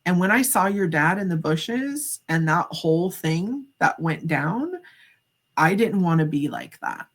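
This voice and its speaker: On a podcast, a middle-aged woman psychic medium shares a story as a guest, her voice on the low side and a little slow. She tells it animatedly, acting out quoted lines and filling her speech with frequent "like"s.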